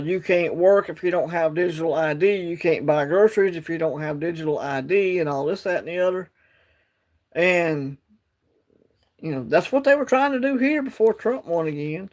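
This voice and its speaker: A man hosting a casual livestream from his phone, rambling and reading out the chat. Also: fairly high pitch. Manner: rambling, drawling, reads chat aloud. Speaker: livestream host.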